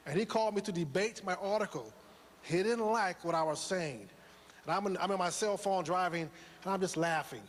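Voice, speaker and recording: A man's voice: sits high, brisk, big-room sound, slight background noise. A man giving a motivational speech to a live audience, preaching with rhetorical questions and repetition. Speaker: motivational speaker.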